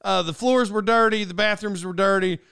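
A man's voice: high voice, steady tone, a little fast, vocal fry, sharp tone, clear, resonant tone, no echo, studio quality. A man hosting a podcast, rambling through a digressive solo monologue and getting worked up over small things. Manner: digressive and self-interrupting, ranting. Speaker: podcast host.

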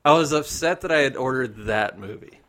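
A man's voice: medium pitch, lively intonation, fairly quick, fairly bright tone. Laughing rambling man. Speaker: comedian. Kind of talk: casual chat.

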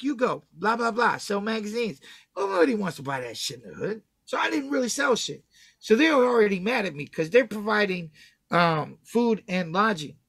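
High-voiced man telling a profane story. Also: no room sound, clean studio sound. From Texas. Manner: profane, slangy, acts out quotes loudly. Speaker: guest. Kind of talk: casual storytelling.

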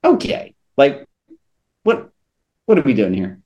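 A man's voice: medium pitch, moderate pace, muffled recording. Earnest man talking faith and money. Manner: earnest, animated storyteller with frequent restarts. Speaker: returning podcast guest. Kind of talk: faith-based podcast conversation.

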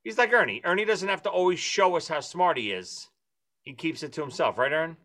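Bright-voiced laughing man. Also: on the high side, lively intonation, fairly quick. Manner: laughing, enthusiastic. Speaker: podcast co-host, music teacher. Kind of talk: casual chat.

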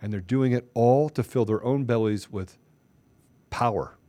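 A man's voice: medium pitch, measured pace, mellow, no echo. A man hosting a political talk show, delivering fervent, ranting commentary full of rhetorical questions.

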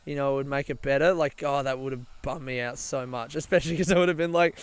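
A man's voice: fairly high pitch, quick pace, fairly bright tone, smooth, dry recording. A young man telling a long casual anecdote, rambling and swearing, laughing often. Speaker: storyteller.

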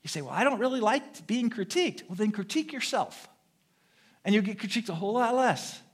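Very high, lively American preacher. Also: male voice, brisk, husky. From United States. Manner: animated, humorous storytelling with vocal sound effects. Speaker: pastor. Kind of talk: sermon.

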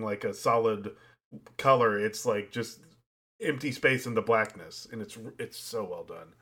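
Male co-host, mid-pitched voice, measured and thoughtful delivery. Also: fairly bright tone. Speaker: podcast co-host. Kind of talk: casual film review chat.

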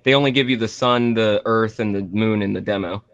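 A man's voice: lowish voice, steady tone, a little fast, fairly bright tone, clean tone. Male podcast co-host, rambling and enthusiastic, slightly muffled mic. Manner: rambling, enthusiastic, many fillers and restarts. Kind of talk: casual podcast chat about games. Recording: slightly dull lo-fi audio.

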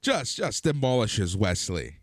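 Man, co-host, casual teasing chat, very animated pitch, dry close sound. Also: a little slow, no echo. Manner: lively, teasing, pitches ideas. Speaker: wrestling podcast co-host.

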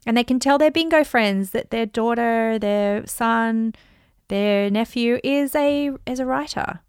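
A woman hosting a casual talk on money mindset, chatty and animated, acting out bits of dialogue. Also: a little high, a little slow, smooth, dry recording, clean studio sound. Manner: chatty and animated, acts out dialogue in bright voices. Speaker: host and money mindset coach. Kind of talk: casual teaching monologue.

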